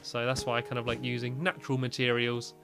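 Chatty man over soft music. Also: medium pitch, flat delivery, fast talker, vocal fry. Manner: chatty and rambling, with frequent "like" fillers and small laughs. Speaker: gaming video host. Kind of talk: casual gameplay commentary.

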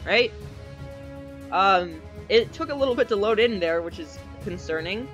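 Excitable high-voiced male gamer. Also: muffled recording. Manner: excitable, quick reactions and exclamations. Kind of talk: live game commentary. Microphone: desk microphone. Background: faint game music.

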